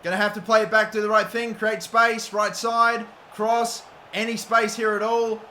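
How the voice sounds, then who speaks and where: An Australian man with a high, bright voice calls his football match as he plays. He drops to low mutters, then screams and swears until his voice cracks. The echoey room has a faint hiss behind him. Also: flat delivery, normal speed. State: voice cracking from shouting. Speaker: gaming YouTuber. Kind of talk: live gameplay commentary.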